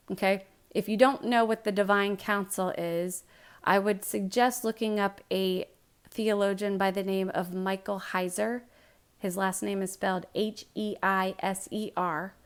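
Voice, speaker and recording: Casual woman Bible teacher, conversational retelling with a smooth tone. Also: mid-range voice. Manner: chatty, jokey retelling.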